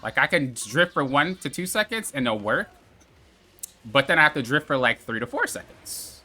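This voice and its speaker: A man's voice: mid-range voice, very animated, moderate pace, bright, forceful tone. A young man hosting a gaming channel, casually talking viewers through a racing game tutorial and repeating steps as he coaches them. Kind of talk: gameplay tutorial commentary.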